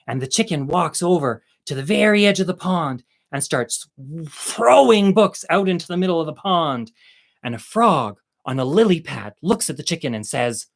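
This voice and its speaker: A man's voice: a little high, expressive, moderate pace. A man hosting his own show, telling jokes in a rambling, campy way that keeps interrupting itself. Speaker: host and storyteller. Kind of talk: stand-up joke telling.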